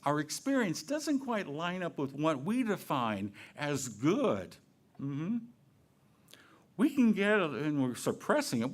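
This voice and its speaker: A man giving a sermon to his congregation in a conversational, playful way, asking questions and acting out quoted phrases. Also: sits high. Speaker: minister. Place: church sanctuary.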